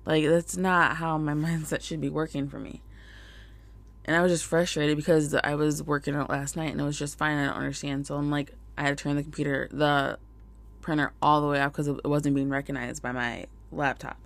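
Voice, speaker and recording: A mother talks casually to the camera, sharing business contacts with her viewers in a rambling way packed with "like" and "you guys." Her voice is low and gravelly, her delivery flat and brisk.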